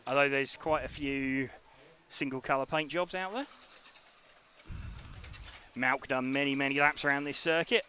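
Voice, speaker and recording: Bright-voiced race commentator. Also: male voice, mid-range voice, unhurried, long pauses, slight background noise. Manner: relaxed, hesitant with many ums and uhs.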